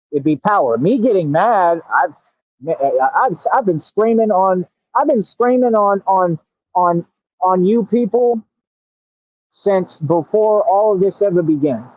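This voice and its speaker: Boastful high-voiced man on a tinny line. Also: animated, no room sound. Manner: boastful, confrontational, drawls words slowly for emphasis. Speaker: radio show host. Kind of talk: combative live-stream rant at commenters. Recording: tinny phone-like sound, dry.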